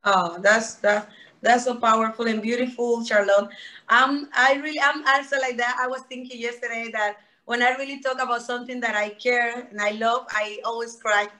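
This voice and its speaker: A woman from Panama speaks English with a Panamanian Spanish accent, sometimes choosing unusual phrasing. She sounds enthusiastic, with a slightly high, bright and forceful voice. She is talking over a video call. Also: steady tone, normal speed. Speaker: human rights advocate. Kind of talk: casual video-call interview.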